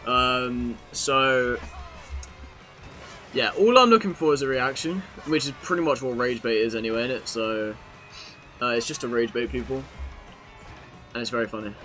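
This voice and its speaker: A man's voice: medium pitch, moderate pace, long pauses, pushed and bright, soft background music. A young British man live-streaming a racing game, chatting casually to his viewers and swearing freely as he plays. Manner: chatty, swears freely, talks to chat while playing.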